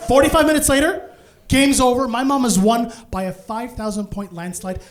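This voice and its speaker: A young man performing live stand-up, telling a story in an animated, quick way with asides, into a stage mic. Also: very high-pitched. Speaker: stand-up comedian. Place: comedy venue stage.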